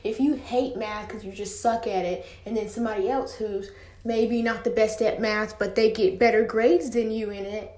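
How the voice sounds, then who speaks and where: A woman's voice: fairly high pitch, steady tone, normal speed, a little mellow, echoey room. A teenage girl hosting her own podcast, chatting casually with lots of filler words. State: slightly out of breath. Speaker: podcast host. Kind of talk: casual solo podcast chat. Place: home room, indoors.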